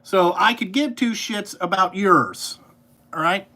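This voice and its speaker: Angry profane man ranting, high-pitched. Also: slow pace, sharp tone. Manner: angry, profane, rambling with repeated fillers. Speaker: podcast host, trucking business owner.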